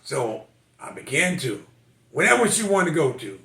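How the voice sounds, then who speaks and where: A man's voice: a little high, big pitch swings, moderate pace, sharp tone, reverberant. An older man, a military veteran, telling personal stories in a folksy, emotional way. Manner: folksy, emotional storytelling with quoted voices. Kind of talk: personal storytelling.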